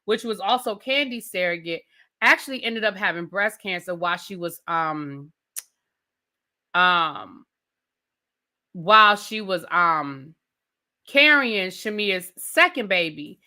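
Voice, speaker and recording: Incredulous, bright-voiced woman ranting. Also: mid-range voice, animated. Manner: blunt, incredulous, rapid-fire rhetorical questions. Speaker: TV review host. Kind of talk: casual rant review.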